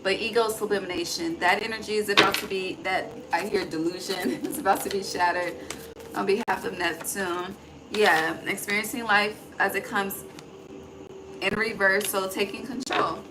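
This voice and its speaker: A woman's voice: medium pitch, moderate pace. A woman giving a casual, chatty card reading, thinking aloud, swearing freely and calling the listener honey. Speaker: intuitive tarot reader. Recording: steady background noise.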